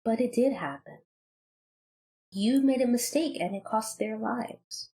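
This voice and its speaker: A woman's voice: on the high side, unhurried, pitched above the performer's own voice, low-quality recording. A woman voicing a sorrowful, coldly disappointed queen. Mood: grave sorrow. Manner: quiet, solemn, grave.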